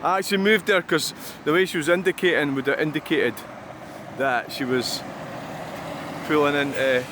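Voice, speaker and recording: A man's voice: on the high side, fairly even intonation, moderate pace. A man rambling and grumbling as he vlogs beside a busy roundabout, swearing freely. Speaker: truck-spotting vlogger. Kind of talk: casual rambling monologue. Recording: outdoor traffic noise. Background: passing cars and trucks.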